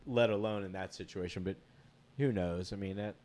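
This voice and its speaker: A man co-hosting a podcast in casual chat, low-key and making dry jokes. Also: steady tone, normal speed, a little mellow. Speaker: podcast co-host.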